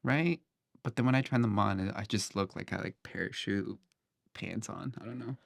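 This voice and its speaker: A man's voice: on the low side, moderate pace, vocal fry, no echo, studio quality. A young man who DJs, chatting casually as a guest and rambling with plenty of filler words. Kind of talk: casual chat.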